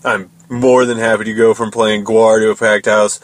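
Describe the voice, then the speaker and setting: A man's voice: fairly low pitch, level tone, normal speed, dry recording, poor audio. A man hosting a podcast, telling a loose, rambling story about his band and swearing casually. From United States. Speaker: podcast host and metal musician.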